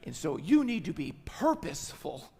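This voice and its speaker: A man's voice: a little high, sing-song, moderate pace, darkish tone, husky. Middle-aged male pastor, emphatic sermon delivery, long reverberant hall. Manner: emphatic, repeats phrases for stress.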